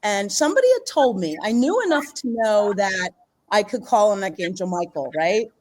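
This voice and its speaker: A middle-aged woman from the Philadelphia area telling a personal story in a casual, animated way, laughing often and acting out what people said. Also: mid-range voice, normal speed, rough recording. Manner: animated, laughs often, acts out quoted voices. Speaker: podcast guest.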